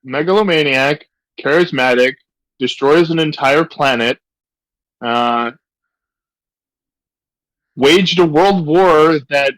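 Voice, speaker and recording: A man with a raised pitch talks loosely among friends, rambling through his points, backtracking and swearing as he goes. The sound is dry and close, with no room around him. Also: slow, pauses often, a bit bright, no echo, rough recording. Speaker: co-host. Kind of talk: casual chat.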